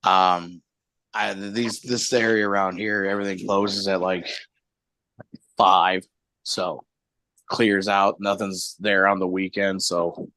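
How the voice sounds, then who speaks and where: A man with a fairly low voice chats casually as a guest on a live stream, wandering through his stories and laughing at them as he goes. The sound is dry and close, with no room around it. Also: little pitch movement, takes it slowly, long pauses, sharp tone, no room sound. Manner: rambling, laughing storyteller. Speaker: guest, hobby shop owner.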